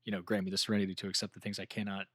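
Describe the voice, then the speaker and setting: A man's voice: sits low, level tone, fairly bright tone, no room sound, clean studio sound. A man co-hosting a podcast in casual chat, laughing often and quoting himself while telling stories. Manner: fast talker, laughs a lot, quotes himself in dialogue. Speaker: podcast co-host.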